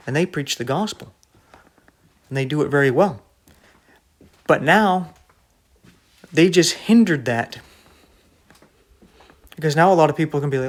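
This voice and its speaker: A man preaching an online sermon in an emphatic, rebuking way, full of rhetorical questions. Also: fairly high pitch.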